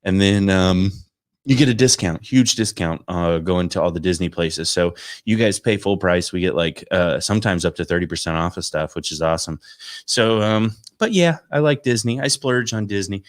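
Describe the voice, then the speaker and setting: Comedian from Florida, low voice, rambling self-mocking chat with his viewers. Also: expressive, moderate pace. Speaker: stand-up comedian. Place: home studio.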